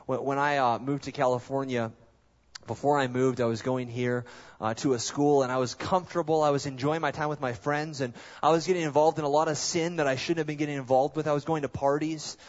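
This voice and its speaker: A male pastor preaching a sermon, telling stories in an animated way with self-deprecating humor. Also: mid-range voice, a little fast. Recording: dull lo-fi sound.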